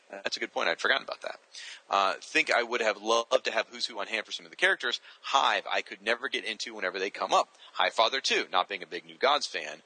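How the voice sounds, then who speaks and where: A man's voice: on the low side, pushed and bright, slightly rough, dry recording, rough recording. Podcast host man reading out listener names. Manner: casual, self-correcting, stumbles over names. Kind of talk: reading listener shout-outs.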